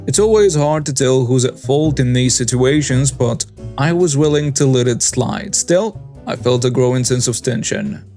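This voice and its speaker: A man narrates stories in a steady, scripted reading voice. His pitch sits in the middle of the usual male range. Quiet background music plays beneath him throughout. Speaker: story channel narrator. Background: faint background music.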